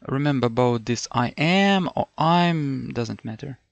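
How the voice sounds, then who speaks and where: In a dry, lo-fi recording, a middle-aged Ukrainian man with an expressive, medium-pitched voice and some vocal fry speaks at a measured pace. He's giving a screen-based lesson for a language test, thinking aloud with frequent fillers, repeated words, and self-corrections.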